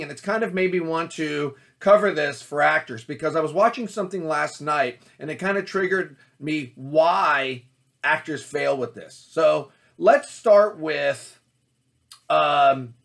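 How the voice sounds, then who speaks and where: A man's voice: a little high, a bit bright. A man coaching actors in a solo talk to camera, earnest and repetitive, often restarting his phrases. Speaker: acting coach.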